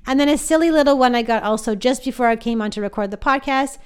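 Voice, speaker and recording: A woman's voice: on the high side, fast, clear, resonant tone. A woman hosting her own podcast as a psychic medium, talking in a chatty, rambling way full of asides and fillers. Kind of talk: casual podcast monologue.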